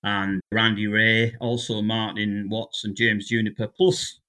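An English man in his sixties speaks with a strikingly bright, sharp tone. He is a guest economist in a relaxed interview, chatty and full of anecdotes. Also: lowish voice, measured pace. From England. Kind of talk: casual interview chat.

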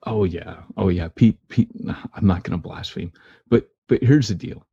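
A man's voice: sits low, moderate pace, vocal fry, mellow, slightly rough. A man co-hosting a podcast in casual chat, teasing and joking with his partner. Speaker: podcast co-host. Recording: slightly muffled lo-fi audio.

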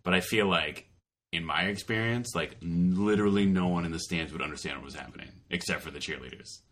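Male co-host with a deep but bright voice, wry and wandering in casual talk. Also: fast. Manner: dry, rambling, wry. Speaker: podcast co-host. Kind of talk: casual chat.

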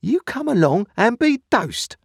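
A man putting on a shrill scolding sister. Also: very animated, a little slow, gravelly, breathy edge, dry recording, clean studio sound, exaggerated voice. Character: sharp-tongued scolding woman, Pip's sister.

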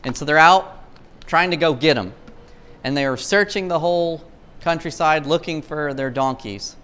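A man's voice: a little high, moderate pace, a bit bright, clean tone. A man preaching casually, retelling a scripture story in loose storytelling talk with slang and frequent restarts. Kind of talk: casual sermon.

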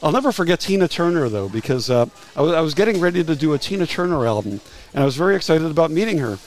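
Halting older man telling anecdotes. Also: fairly high pitch, sing-song, rough recording. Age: 60s. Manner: halting, restarts phrases with frequent repeated words. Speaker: guest, retired music publicist. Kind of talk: casual anecdotal storytelling.

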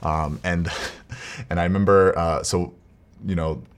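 A man's voice: low voice, fairly even intonation, unhurried, slight background noise. A man telling a personal family story in a casual, rambling, earnest way. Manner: rambling, earnest, with restarts and quiet laughs. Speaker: vlogger, father.

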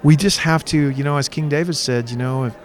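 A man's voice: a little high, brisk. A man, a minister being interviewed, telling a story with fervent, preacher-like conviction. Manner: lively storyteller who acts out the quoted dialogue. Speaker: guest minister and author.

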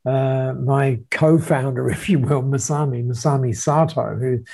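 A man's voice: mid-range voice, fairly even intonation, measured pace, gravelly, darkish tone, husky. An Australian man telling a story as an interview guest, in a rambling way with many restarts and tag questions. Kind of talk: casual storytelling.

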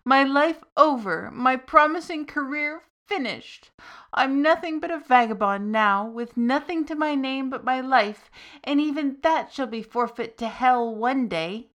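A despairing young soldier, put on by a woman reader, his voice lifted higher and louder in lament. He wails slowly over his ruined life, a storybook hero at his lowest. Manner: raised, plaintive, lamenting.

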